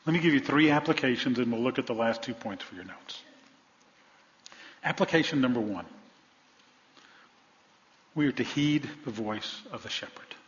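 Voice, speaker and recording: A man's voice: medium pitch, normal speed, long pauses. Male pastor, sermon, rhetorical questions, emphatic delivery, muffled audio, reverberant church hall. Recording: dull sound in a long-reverb hall.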